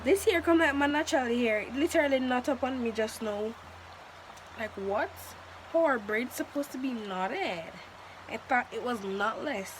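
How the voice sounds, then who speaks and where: A woman's voice: a little high, normal speed, noisy background. A young woman, chatting playfully and joking through a hair tutorial. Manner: playful, jokey, laughs often. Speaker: vlogger. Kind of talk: casual hair tutorial chat.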